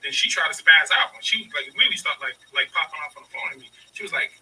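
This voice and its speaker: Man, 30s, rapid and profane storyteller with a bright, forceful voice, recorded on a distant mic with faint hiss. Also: on the high side, animated. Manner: profane, emphatic, acts out both sides of arguments. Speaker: podcast host telling a story. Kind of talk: casual storytelling.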